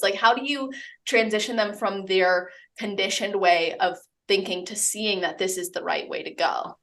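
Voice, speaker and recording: A woman interviewer with a mid-range voice, asking long and curious questions. She sounds encouraging and easygoing in a relaxed conversational exchange. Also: mid-range voice, moderate pace. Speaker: podcast host, interviewer.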